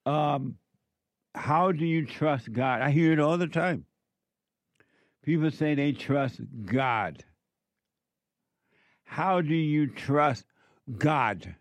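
A man's voice: fairly high pitch, extremely slow, long pauses, no room sound. A man preaching a sermon, emphatic and repetitive as he addresses a live audience.

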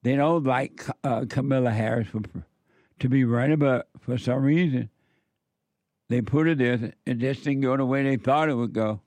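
A man's voice: medium pitch, moderate pace, a little mellow. A man speaks straight to his audience in a mid-range voice, pressing his warnings again and again. His delivery is emphatic and repetitive. The recording is dry and close, with no room echo. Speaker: political commentator. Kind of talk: opinion monologue.

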